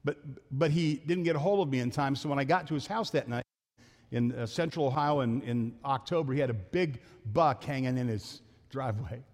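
A man preaching a sermon as pastor, talking fast and telling jokes in a church sanctuary. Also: mid-range voice, a little mellow. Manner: fast-talking, joking storyteller. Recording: long hall reverb.

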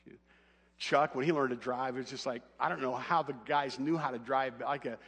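With a breathy edge and a long reverb tail behind him, a middle-aged male pastor talks fast in a mid-range voice. He's animatedly relating a humorous family anecdote in a sermon, performing the quoted voices.

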